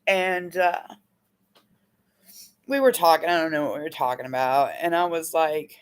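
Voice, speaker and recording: Lowish-voiced woman healing coach, candid. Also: moderate pace, clear, resonant tone. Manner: candid, rambling, emotional storytelling. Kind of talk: casual spoken teaching.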